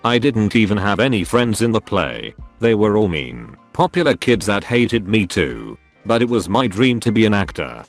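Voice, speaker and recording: Low-voiced man reading online stories. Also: big pitch swings, moderate pace, hardly any pauses. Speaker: narrator. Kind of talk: scripted narration of online posts. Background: faint background music.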